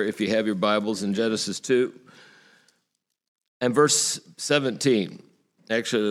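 Speaking in a low register, this male pastor delivers his sermon with earnest conviction and asks the congregation rhetorical questions.

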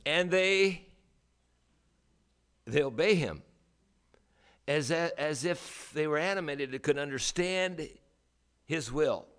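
A man preaching a sermon as a pastor, emphatic, with rhetorical questions and dramatic pauses. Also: medium pitch, fairly bright tone, smooth.

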